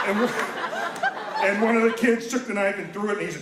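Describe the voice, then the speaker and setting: A man's voice: high-pitched, fast, echoey room, crowd noise. A man in his thirties telling a personal story live, wry and self-mocking, acting out the voices of the people in it. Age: 30s.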